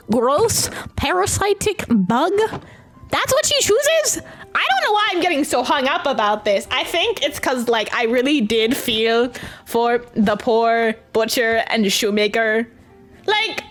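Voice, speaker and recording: A young woman retells a fairy tale while she games, ranting and incredulous as she talks. Her voice is very high, bright, and swings widely in pitch. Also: a little hiss or hum. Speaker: storyteller and gamer. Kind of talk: casual storytelling while gaming.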